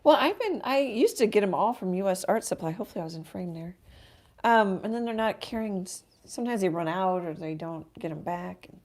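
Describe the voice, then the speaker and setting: A woman artist chatting casually and quietly while painting on a livestream. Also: expressive, fairly quick. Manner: soft, low-key, talking while working.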